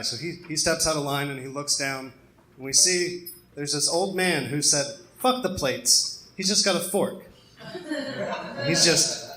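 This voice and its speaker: Young southern-raised guy doing standup, bright voice, kinda self-deprecating, echoey club room. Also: on the high side. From American South. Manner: self-deprecating, conversational, with filler ums. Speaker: stand-up comedian. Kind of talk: stand-up comedy set. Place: comedy club stage.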